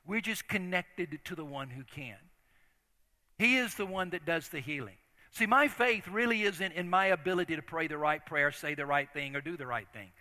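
A man's voice: fairly high pitch, expressive, moderate pace, pushed and bright. An older man preaching a sermon as a story, talking in an earnest, conversational way with frequent restarts. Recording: long reverb of a large hall.

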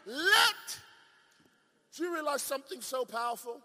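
A male preacher delivering a sermon with emphatic swings between shouting and hushed asides, often asking the congregation questions. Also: very high-pitched, a little slow. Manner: playful, asks the crowd questions. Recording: long reverb of a large hall.

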